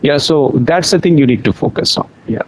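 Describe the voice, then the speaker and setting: A man's voice: a little high, expressive, brisk, slightly rough, low-quality recording. A young adult man from India with an Indian accent, an English teacher answering interview questions in an earnest, explanatory way. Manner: earnest, explanatory, repeats points.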